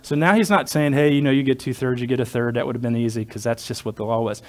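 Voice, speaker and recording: A man's voice: medium pitch, fast. Joking, rambling male pastor preaching. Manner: conversational, digressive, joking asides. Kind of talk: sermon.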